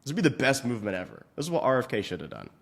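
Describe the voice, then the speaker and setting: A man's voice: medium pitch, big pitch swings, racing, gravelly. A male fitness coach in a profane, mock-outraged comedic rant, swearing constantly.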